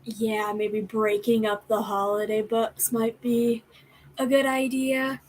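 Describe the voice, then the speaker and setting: A woman's voice: a little high, little pitch movement, takes it slowly. A woman making dry, short remarks in a casual chat over a video call.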